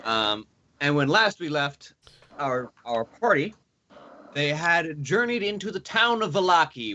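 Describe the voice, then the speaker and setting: A man running a tabletop game as dungeon master, recapping the story with hesitant pauses and fillers over an online call. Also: a little high, sing-song, sharp tone, dull audio, a little hiss or hum.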